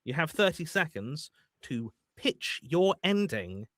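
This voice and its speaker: Excitable host, bright voice. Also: male voice, fairly high pitch, slow pace, no echo, studio quality. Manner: excitable, stammering restarts. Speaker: game show host. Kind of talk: live stream game show hosting.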